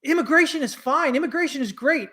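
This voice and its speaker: A man's voice: very high voice, pushed and bright. An American man giving casual trading commentary in a blunt, ranting way, loose and conversational, full of fillers and restarts. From United States. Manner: blunt, ranting, quick to anger.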